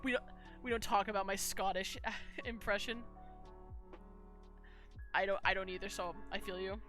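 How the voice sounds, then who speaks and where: A young woman chats with her stream while she draws, rambling through her points with plenty of fillers and restarts. Her voice is bright and forward, and soft music plays faintly behind her. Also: medium pitch, fairly even intonation, moderate pace. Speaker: streamer and artist. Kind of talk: casual live-stream chat while drawing.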